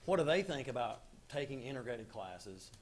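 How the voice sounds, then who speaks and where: A man's voice: mid-range voice, sing-song, moderate pace. Teacher guy introducing students at a school board meeting, easygoing, light background hum.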